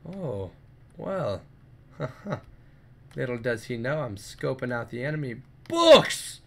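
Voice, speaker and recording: A man commenting on his gameplay, jumpy and excitable, yelping and making sound effects in fights. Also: medium pitch, slight background noise. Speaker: let's play gamer.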